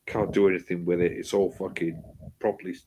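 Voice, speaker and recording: A man's voice: low-pitched, flat delivery, fairly quick, warm tone, husky. A man telling a hospital story in casual chat, swearing freely, repeating himself and acting out what people said.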